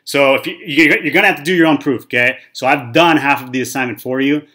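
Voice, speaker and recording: A man's voice: medium pitch, fast, bright, forceful tone. A man in his thirties, a math teacher talking casually through a whiteboard lesson, checking in with okay and right. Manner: chatty, repeats okay and right often.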